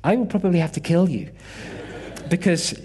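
A man's voice: high-pitched, moderate pace, warm tone, slight background noise. A British man in his forties giving a sermon, telling personal family stories and acting out quoted dialogue with animation.

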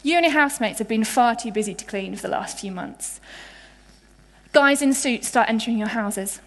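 A young woman from England preaching with a high voice. She talks in a chatty, playful way, full of asides and vivid storytelling. Her voice carries a long echo, as in a large hall. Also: moderate pace. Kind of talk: sermon. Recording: reverberant hall.

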